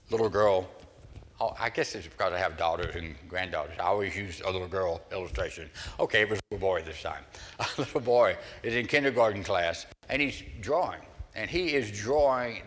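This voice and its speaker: An older man from the American South preaching a sermon, telling stories with animated acted-out voices. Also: fairly low pitch, big-room sound. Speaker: pastor.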